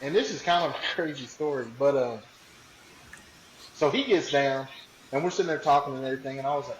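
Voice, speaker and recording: A man, a podcast guest, telling a story in a slangy, animated, casual way. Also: medium pitch, brisk, pauses often, echoey room, slight background noise, rough recording. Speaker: podcast guest, hunting ambassador.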